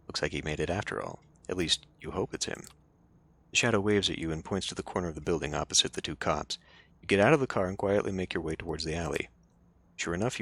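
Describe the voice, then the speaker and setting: A man's voice: low voice, fairly bright tone. A man playing a story game, reading its narration aloud and breaking off into casual joking asides. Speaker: let's play streamer.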